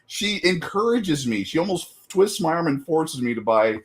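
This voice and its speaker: A man's voice: on the high side, big pitch swings, normal speed. Chatty laughing man with many fillers. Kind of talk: casual chat.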